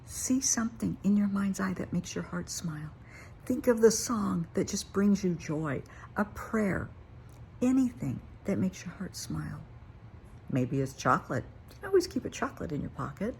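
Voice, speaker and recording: An older woman therapist talks straight to her viewers, earnest and encouraging in a plain-spoken way. Her voice sits low and has a gravelly fry to it, with a faint hum of noise behind her. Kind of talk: motivational talk to camera.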